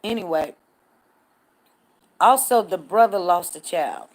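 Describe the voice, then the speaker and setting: A woman's voice: lowish voice, expressive, slow, rough recording. An older woman speaking hosts a casual livestream, chatting with viewers and answering their comments by name. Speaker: livestream news host. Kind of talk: casual live chat reading comments.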